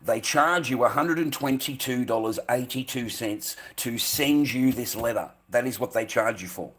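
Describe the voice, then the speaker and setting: A man's voice: mid-range voice, moderate pace, fairly bright tone, breathy edge. A middle-aged man with an Australian accent, ranting angrily to camera with lots of swearing, stumbling and repeating himself. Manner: angry, profane, repeats himself, stumbles over words. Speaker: vlogger.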